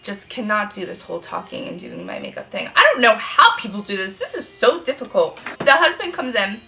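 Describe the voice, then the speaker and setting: Chatty young woman with a bright voice. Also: medium pitch, brisk, gravelly, soft background music. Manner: chatty, profane, animated storytelling. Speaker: freelance makeup artist. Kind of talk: casual storytime while doing makeup.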